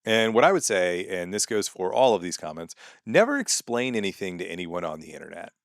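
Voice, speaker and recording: A man's voice: deep voice, big pitch swings, a little fast, vocal fry, no room sound, clean studio sound. A comedian doing a sarcastic, exasperated comedy rant about his online commenters. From United States. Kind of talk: comedic monologue. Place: home sun room.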